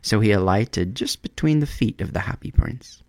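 A man reading a storybook aloud in a measured, expressive way. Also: on the low side, dry recording, studio quality.

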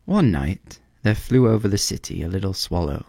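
A man reading a storybook aloud in a measured, expressive way. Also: low-pitched, husky, no room sound, clean studio sound.

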